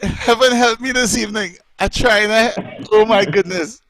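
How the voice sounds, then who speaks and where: A man hosting a live show, chatty, effusive and quick to laugh. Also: high-pitched, crowd noise. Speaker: host.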